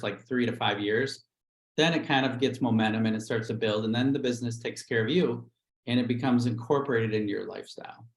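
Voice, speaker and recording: A man's voice: mid-range voice, reverberant, rough recording. A middle-aged man, a real estate agent, telling his career story candidly on a livestream interview, acting out quotes as he goes.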